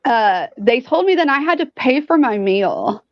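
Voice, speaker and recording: A woman guest telling a story in casual chat, animated and profane, with many fillers. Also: high-pitched, measured pace, no echo. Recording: dull lo-fi sound.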